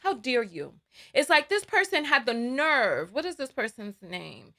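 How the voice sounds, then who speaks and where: A woman's voice: high-pitched, sing-song, a little slow, pushed and bright. Fired-up woman hosting a live stream. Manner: heated, indignant, repeats herself. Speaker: livestream host.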